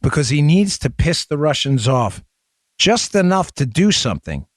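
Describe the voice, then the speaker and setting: High-voiced, emphatic male talk host. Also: sing-song, dry recording, clean studio sound. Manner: rapid, emphatic, addresses listeners directly. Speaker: show host. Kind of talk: opinion talk show monologue.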